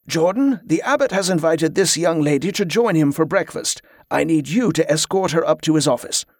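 A calm, courteous monk from an audiobook, as a reader puts him on. He speaks formally and at a measured pace. The voice is dry and close. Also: medium pitch, dry recording. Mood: instructing. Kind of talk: audiobook character voice.

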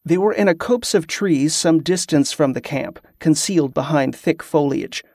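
A male narrator reads a fantasy novel in a steady, even voice, pitched a little high for a man. The recording is dry and close, with no room sound at all. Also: normal speed, dry recording. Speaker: audiobook narrator.

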